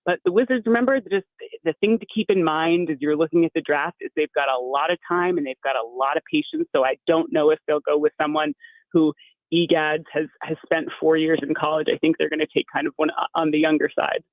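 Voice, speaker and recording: A woman's voice: low voice, fairly quick, no echo. A woman sports reporter on a radio show, chatty and self-deprecating as she makes her picks. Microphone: phone line. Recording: phone-like call-in line.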